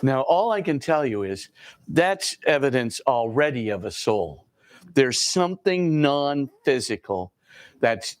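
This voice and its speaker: A male priest lectures a class in a loose, conversational way, full of fillers, and acts out the voices of the people in his stories. His voice sits at a middle pitch. It is recorded close and dry, with no room sound. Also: no room sound. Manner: conversational, many fillers, acts out quoted dialogue. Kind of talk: informal lecture.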